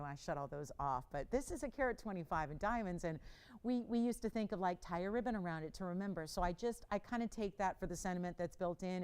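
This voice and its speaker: A middle-aged woman hosting a live jewelry shopping show, giving a chatty, urgent sales pitch and bantering with her crew. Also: darkish tone, smooth.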